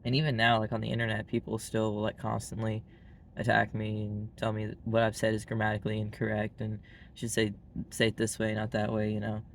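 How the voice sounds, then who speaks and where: Flat-voiced Southern man, blunt and rambly. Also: on the low side, a little fast, vocal fry, a little hiss or hum. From Arkansas, US. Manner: blunt and frank, heavy use of "like" fillers. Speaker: vlogger. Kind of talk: casual monologue to camera.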